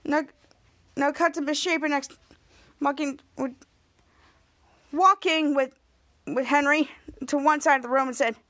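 Rambling high-voiced woman podcast host. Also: steady tone, measured pace, pauses often, fairly bright tone. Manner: rambling retelling with many restarts, acting out lines. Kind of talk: casual episode recap.

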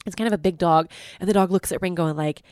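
A woman's voice: fairly low pitch, fast, darkish tone, no room sound. A young adult woman hosting a podcast, telling a story in a rambling way with many fillers and frequent laughs. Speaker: podcast host. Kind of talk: casual storytelling.

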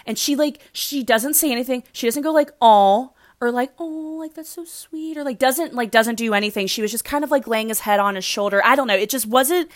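A woman's voice: a little high, fast, hardly any pauses, dry recording, studio quality. A woman chatting casually as she recaps a reality show, rambling and gushing, with lots of "like" in her speech. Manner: gushing, rambling, heavy use of "like".

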